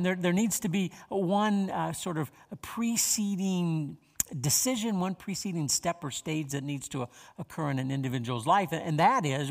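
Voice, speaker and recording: A man preaching a sermon as pastor, measured and unhurried, with frequent "uh" fillers and repeated words. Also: a little high, vocal fry, in a large hall.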